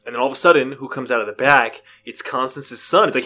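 A man's voice: medium pitch, fast talker, few pauses, bright, forceful tone. A man recapping a movie's plot in a casual discussion, laughing often as he tells it.

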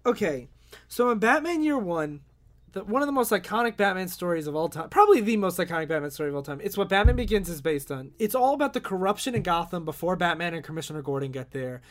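Animated man recapping a comic. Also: sits high, quick pace. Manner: animated storytelling with quoted voices and swearing. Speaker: podcast co-host. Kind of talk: casual comedic chat recapping a comic.

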